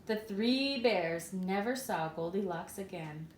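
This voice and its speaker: A preschool teacher, a woman, reading a story aloud and asking the children questions in a clear, expressive way. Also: medium pitch, takes it slowly. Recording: echoey room.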